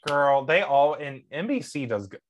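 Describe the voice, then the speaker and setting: A man co-hosting a casual racing podcast, rambling with fillers, giggling and now and then bursting into shouts. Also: on the high side, animated, moderate pace, muffled recording, a loud crowd. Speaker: podcast co-host. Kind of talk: casual chat.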